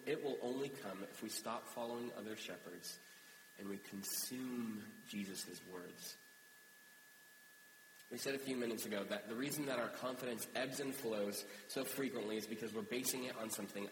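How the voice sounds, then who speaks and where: Male pastor, lowish voice, casual storytelling sermon, echoey church hall with a hum. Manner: conversational, animated storytelling.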